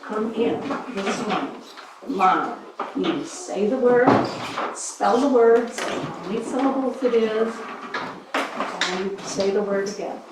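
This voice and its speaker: A woman playing an exacting 1800s schoolteacher who leads a spelling bee, giving firm, deliberate instructions. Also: medium pitch, recorded from a distance, natural voice. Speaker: schoolteacher reenactor. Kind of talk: living-history classroom reenactment. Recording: echoey room from afar, noisy.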